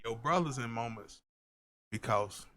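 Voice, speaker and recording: A man speaks calmly about faith in a casual group discussion. His voice is mid-pitched and easygoing, and he calls the others bro. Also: a little slow, crowd noise. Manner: calm, spiritual, says bro.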